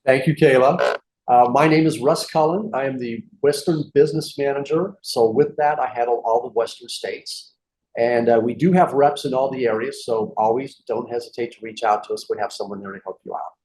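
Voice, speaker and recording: A man's voice: mid-range voice, normal speed, darkish tone, a little hiss or hum, low-quality recording. A man introducing himself as a regional business manager on a webinar, brief and businesslike.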